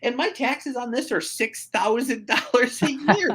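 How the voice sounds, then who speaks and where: A man from upstate New York, a real estate agent chatting casually as a podcast guest, telling animated stories with frequent restarts. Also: very high voice, unhurried, breathy edge. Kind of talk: casual chat.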